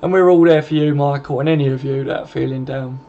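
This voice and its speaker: A man's voice: mid-range voice, steady tone, fast, dark tone. A man hosting a casual live stream, chatty and matey, swearing freely and calling his viewers mate. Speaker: live stream host reading viewer comments. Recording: slightly muffled with faint background noise.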